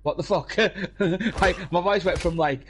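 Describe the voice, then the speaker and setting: Speaking at a measured pace in a high voice, a young British man tells meandering, expletive-laden stories while gaming, laughing often. He's streaming with friends on a headset at home, and there's slight background noise.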